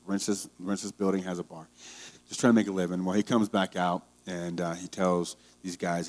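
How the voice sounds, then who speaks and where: A man's voice: deep voice, steady tone, normal speed. A male pastor preaching a conversational sermon, telling stories and growing heated. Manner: conversational storytelling, grows heated.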